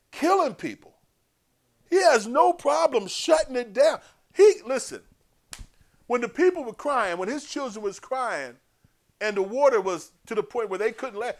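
A man preaching an animated, joking sermon that builds to loud emphatic peaks. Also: high-pitched.

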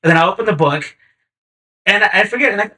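A man guesting on a podcast, telling stories in a relaxed, slangy way. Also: sits high, fast. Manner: laid-back, slangy, acts out quotes in animated bursts. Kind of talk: casual chat, storytelling.

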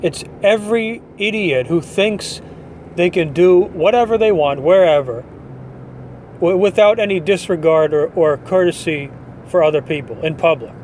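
A man's voice: sits high, moderate pace, a little mellow, slight background noise. A man hosting a podcast, delivering a blunt, dismissive opinion monologue. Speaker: podcast host.

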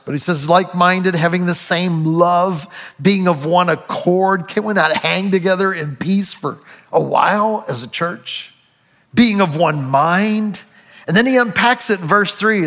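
A man preaching a sermon, earnest and halting, often restarting and quoting scripture aloud. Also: high voice, fairly bright tone, long reverb tail. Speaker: pastor.

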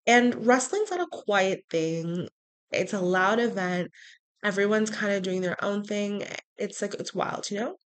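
A woman hosting a podcast, telling a personal story in a frank, animated way with sarcastic asides. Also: mid-range voice, unhurried. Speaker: podcast host. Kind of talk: casual storytelling monologue.

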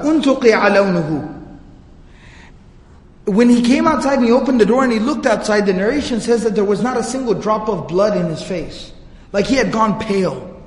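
A man's voice: sits high, a little mellow. A male teacher giving a storytelling religious history lecture with casual asides. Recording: echoey hall.

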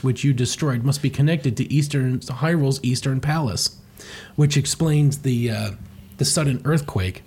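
A man's voice: mid-range voice, darkish tone, husky. A man reading through a comic and commenting sarcastically, swearing casually. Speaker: comic reviewer.

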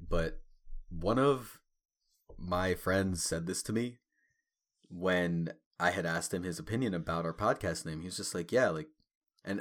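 A man of Caribbean background co-hosting a podcast, talking in a relaxed, reflective way and laughing often. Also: deep voice. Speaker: podcast co-host. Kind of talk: casual podcast chat.

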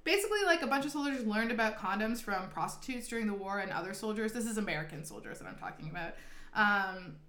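A woman's voice: mid-range voice, expressive, fast talker, fairly bright tone, slight background noise. A young woman co-hosting a casual history podcast, reading out facts with asides and laughing easily. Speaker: podcast co-host. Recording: echoey room.

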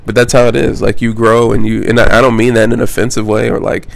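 A man's voice: lowish voice, level tone, quick pace, vocal fry. A man hosting a solo podcast, talking in a loose, rambling way with lots of fillers, restarts and casual swearing. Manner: rambling, loose, frequent fillers and self-corrections. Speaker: podcast host.

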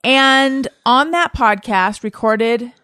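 A woman's voice: a little high, slow, pushed and bright, no echo, studio quality. A woman hosting a podcast from her home, chatting enthusiastically and laughing easily. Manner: giggly, enthusiastic. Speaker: podcast host. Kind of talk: casual chat.

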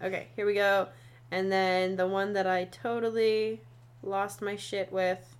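A woman's voice: mid-range voice, flat delivery, unhurried. Giggly woman reading aloud with mock drama. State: has the hiccups. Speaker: podcast co-host. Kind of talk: casual chat.

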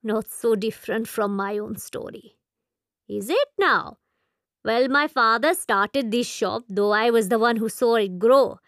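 A woman's voice: fairly high pitch, a little slow, a bit bright, dry recording, studio quality. A woman voicing an elderly, genial shopkeeper who rambles in formal, old-fashioned phrasing, in an audiobook. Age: older. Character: elderly male Indian shopkeeper, wry and talkative. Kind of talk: audiobook character voice.

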